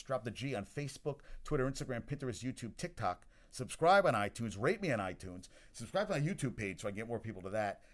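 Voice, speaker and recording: A man hosting a sports podcast, chatting casually about games as he watches one, rambling with restarts and asides. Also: on the low side. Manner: chatty and excitable about scores. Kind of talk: casual sports talk while watching a game.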